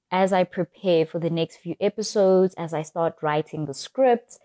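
A young woman talks through a reflective podcast monologue, her voice set a little low and mellow in tone. She enunciates each word with deliberate care. The sound is close and dry, with no room echo. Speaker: podcast host.

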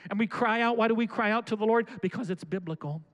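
Pastor guy preaching, really high voice for a man, fervent repetitive praying. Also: fast talker, fairly bright tone. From Florida. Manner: impassioned, repetitive pleading prayer; urges the congregation with calls of "come on". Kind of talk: sermon.

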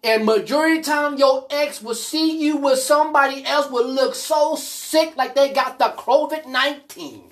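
A woman hosting a podcast, telling personal stories in a blunt, profane, animated way. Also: high voice, normal speed, few pauses. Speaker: podcast host. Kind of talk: casual monologue storytelling.

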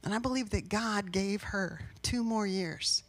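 A woman's voice: medium pitch, unhurried. A woman pastor giving a sermon in a personal, conversational way, rising into emphatic bursts.

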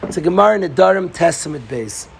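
A middle-aged man giving an informal Torah talk to a group, excitable and repetitive, often restarting his sentences. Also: fairly high pitch, quick pace, creaky, noisy background. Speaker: Torah teacher.

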